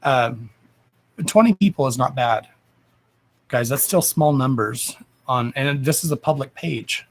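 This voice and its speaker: A man's voice: mid-range voice, unhurried, long pauses. A man hosting a psychic-medium livestream from home, wrapping up in a chatty, blunt way with some swearing and a lot of affection for his viewers. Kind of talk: casual livestream sign-off chat. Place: at home, indoors. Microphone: camera microphone on a livestream. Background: a dog and faint noise.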